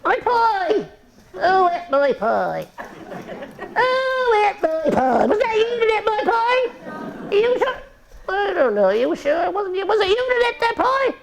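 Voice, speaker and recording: A shrill, wailing chef. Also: male voice, big pitch swings, slow, vocal fry, full character voice. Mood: outraged wailing. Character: frantic male chef, furious over his eaten pie. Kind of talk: live puppet-show storytelling. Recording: live show with audience noise.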